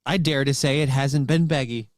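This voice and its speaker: A man's voice: mid-range voice, normal speed, dry recording. A man co-hosting a casual live show, making dry, wry remarks. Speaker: co-host. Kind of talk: casual livestream chat.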